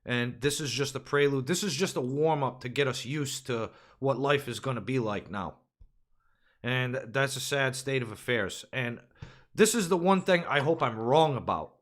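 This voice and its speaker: A man's voice: medium pitch, normal speed. Profane ranting male podcast host. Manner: ranting, profane, conspiratorial, rhetorical questions. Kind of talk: casual political podcast rant.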